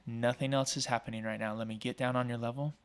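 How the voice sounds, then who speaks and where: An energetic man in his thirties, from Oregon, chats as an interview guest with a middle-pitched voice. He talks fast and freely, leans on "like" and "um", and slips into quick impressions of the people in his stories. The delivery is casual and animated. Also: clean tone. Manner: energetic, talkative, acts out quoted voices; frequent fillers like "like" and "um". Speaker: podcast guest, small business owner.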